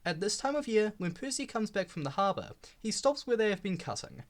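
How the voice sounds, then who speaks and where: A man's voice: high-pitched, very animated, a little fast. A man reading a children's railway storybook aloud, giving the characters voices. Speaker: storybook reader.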